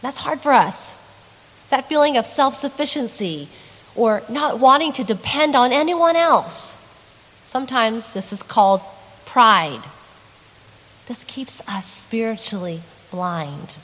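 A woman with a somewhat high voice preaches earnestly, moving between relaxed, chatty asides and dramatic emphasis. Her words ring out with a long reverb, as in a church sanctuary. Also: measured pace. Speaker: pastor. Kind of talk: sermon.

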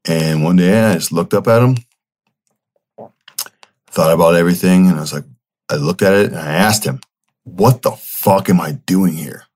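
A man's voice: low-pitched, normal speed, long pauses, a little mellow. A young man hosting a podcast and telling a personal story in a casual, candid way. He swears freely and often restarts his sentences. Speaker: podcast host.

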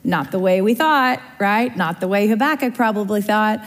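Speaking at a moderate pace in a medium pitch, this woman leads a conversational Bible study and keeps checking in with her audience. Long reverb from a spacious room colors the recording.

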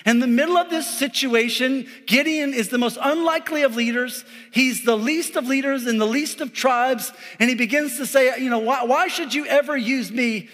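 High-voiced pastor joking through a sermon. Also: male voice, normal speed, few pauses, fairly bright tone, big-room sound. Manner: joking, conversational preaching with frequent "all right?". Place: church sanctuary.

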